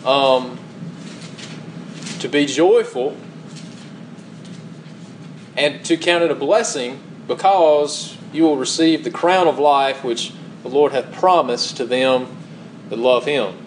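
A man's voice: medium pitch, takes it slowly, long pauses, a little hiss or hum, low-quality recording. A man preaching a sermon, reading scripture aloud and asking rhetorical questions with emphatic repetition. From United States.

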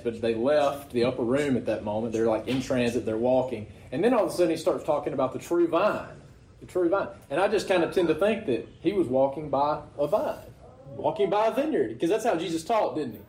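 A pastor preaching a conversational sermon, often asking the congregation rhetorical questions. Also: male voice, medium pitch, darkish tone, roomy sound, low-quality recording.

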